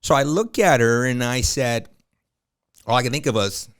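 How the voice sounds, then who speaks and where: He's a realtor in his fifties with a mid-range, clean-toned voice and a moderate pace. On a podcast he tells colloquial stories with liveliness, peppering them with fillers.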